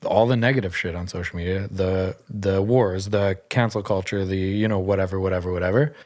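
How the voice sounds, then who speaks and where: A man's voice: low voice, steady tone, brisk, darkish tone. A man in casual podcast conversation, talking loosely and trailing off into fillers.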